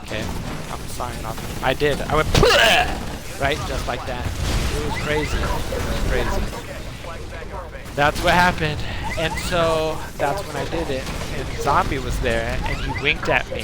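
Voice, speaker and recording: Animated man telling a tall tale. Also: a little high. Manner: animated, jumps between voices and laughs. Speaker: gaming streamer. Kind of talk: rambling made-up story over gameplay. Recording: game gunfire noise behind.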